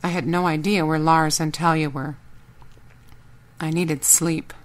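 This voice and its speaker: Woman narrating an audiobook, low-pitched. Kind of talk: first-person audiobook narration.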